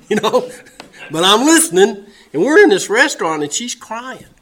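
A male preacher delivers a sermon through a folksy personal story, with a bright, forceful voice. He has a Southern American accent and keeps doubling back on his words before pressing on. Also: high voice, wildly swooping pitch, moderate pace. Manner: folksy storytelling, repeats words, laughs at own jokes.

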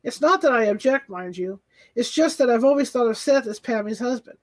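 A woman reading an audiobook, voicing a stubborn, gruff older husband in a low, subdued, hesitant way. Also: expressive, fairly quick, no room sound, natural voice. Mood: earnest. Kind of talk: audiobook character voice.

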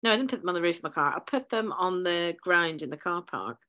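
A woman's voice: fairly low pitch, animated, fast talker, sharp tone, highs cut off. A middle-aged woman, a teacher telling funny stories in a casual chat, acting out quoted voices. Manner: chatty storyteller, laughs often, acts out quoted voices. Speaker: guest teacher.

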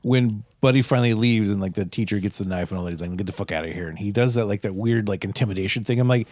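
A man in his forties co-hosting a podcast, swearing freely and acting out movie scenes in quick voices. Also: fairly low pitch, no echo. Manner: profane, animated, acts out scenes in voices. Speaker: podcast co-host. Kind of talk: casual movie chat.

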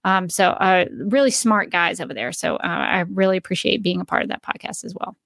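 A woman's voice: fairly low pitch, animated, brisk, vocal fry, fairly bright tone, no room sound, clean studio sound. A woman co-hosting a podcast in casual chat, chatty and giggly with lots of fillers. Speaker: podcast co-host.

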